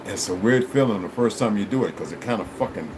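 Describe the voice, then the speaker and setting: A man's voice: lowish voice, quick pace, noisy background. A man hosting a livestream, talking to his viewers in a blunt, profane, preachy way. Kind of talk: rambling casual livestream chat.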